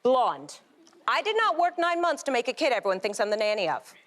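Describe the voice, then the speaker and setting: A middle-aged woman doing a stand-up routine on a TV panel show, delivering short, punchy, deadpan punchlines. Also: sits high, fast talker, very noisy. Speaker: comedian. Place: TV studio with live audience. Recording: loud studio audience laughter.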